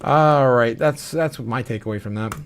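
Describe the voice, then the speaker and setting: A medium-pitched man talks at normal speed with slight background noise while hosting a crypto livestream. He reads viewer comments casually, seems a little tipsy with slight slurring, and laughs a lot between many "uh" fillers.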